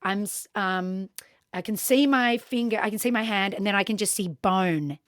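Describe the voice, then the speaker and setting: A woman's voice: mid-range voice, normal speed, no echo. Aussie woman podcast cohost spinning a yarn, lots of ums, does the voices, dry close sound. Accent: Australian. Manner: animated, acts out the people in her story, frequent ums. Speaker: podcast co-host. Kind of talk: casual storytelling chat.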